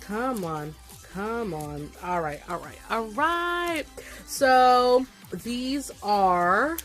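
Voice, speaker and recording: A young woman with a light Southern country accent chats through an unboxing vlog. She gushes over every item with excited little exclamations. Her voice sits fairly high and she takes her time between words. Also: very slow, faint music behind. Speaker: vlogger unboxing a gift package. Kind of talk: casual unboxing chat.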